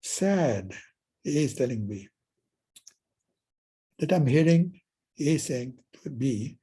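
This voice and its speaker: A man's voice: mid-range voice, expressive, takes it slowly, pauses often, warm tone, husky. A man giving a university lecture as professor, telling stories and acting out the dialogue. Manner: storytelling, acts out dialogues. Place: lecture hall.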